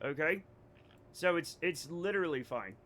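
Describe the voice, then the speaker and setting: A man's voice: on the high side, lively intonation, moderate pace, a bit bright, slight background noise. An American man streaming a game, joking and rambling to his chat. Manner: jokey, rambling, talks to chat. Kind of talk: casual livestream chat.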